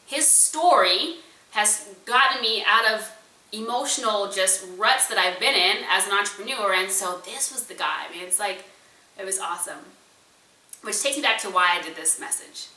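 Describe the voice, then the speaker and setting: A woman entrepreneur and speaker telling a personal story to an audience in an animated, conversational way. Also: medium pitch, moderate pace, distant mic. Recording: roomy echo, voice a bit away from the mic.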